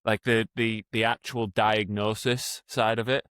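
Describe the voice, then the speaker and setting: A man's voice: fairly low pitch, level tone, measured pace, a bit bright, smooth, no echo. Hesitant male podcast host, dry sound. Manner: hesitant, restarts and repeats words. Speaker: rehab coach and podcast host. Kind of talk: interview questions.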